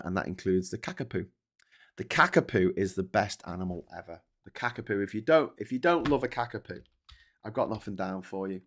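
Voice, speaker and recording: A man hosting a live news commentary show, sweary and ranting, with enthusiastic digressions as he reacts to viewer chat. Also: lowish voice. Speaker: host.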